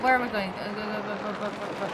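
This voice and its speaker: A young woman streaming a game, reacting excitedly, repeating words in bursts, swearing and talking to her chat. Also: mid-range voice, fast. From Italy. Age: young adult. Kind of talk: live gameplay reactions. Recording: clear background noise.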